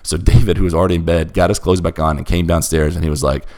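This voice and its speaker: A man's voice: low voice, little pitch movement, fast talker, darkish tone. A young man telling a bizarre personal story in a casual chat, emphatic and restless. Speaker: storyteller guest.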